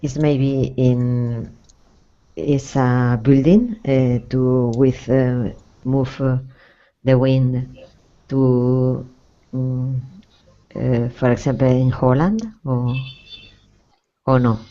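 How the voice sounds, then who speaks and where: A man learning English, unsure and halting, filling gaps with hesitations. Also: medium pitch, flat delivery, dark tone, highs cut off. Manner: unsure, halting, many fillers. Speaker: student.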